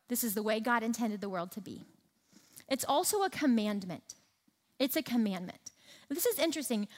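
A high-voiced woman delivers a sermon with emphatic, rhythmic repetition. Her voice carries a long reverb, as in a large hall. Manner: emphatic, repeats phrases for rhythm. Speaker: speaker at a church teaching session.

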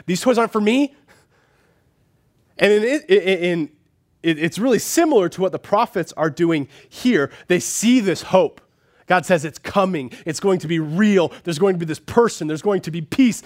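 Pastor, male, 30s, lively sermon delivery with acted-out quotes and hushed asides. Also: a little high. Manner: animated, acts out voices in quotes.

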